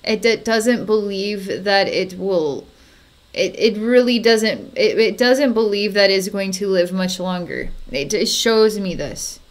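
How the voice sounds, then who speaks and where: A woman psychic narrating a distance energy healing in a halting way, with frequent fillers and soft chuckles. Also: medium pitch. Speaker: psychic healer.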